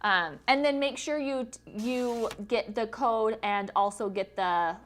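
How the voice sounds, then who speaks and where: Greeting viewers and running a giveaway on her casual live stream, this chatty, giggly host reads comments out loud. Her somewhat bright voice runs on the high side, and she speaks at a slow pace.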